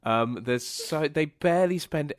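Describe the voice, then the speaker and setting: A man's voice: on the high side, unhurried, background noise. A man co-hosting a film review podcast in casual chat, often restarting his sentences before building to exasperation. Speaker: podcast co-host.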